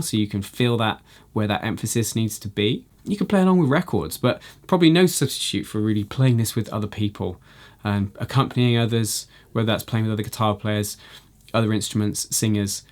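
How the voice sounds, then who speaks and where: Low-voiced man teaching guitar. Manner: relaxed explaining, frequent "you know" fillers. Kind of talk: instructional video lesson.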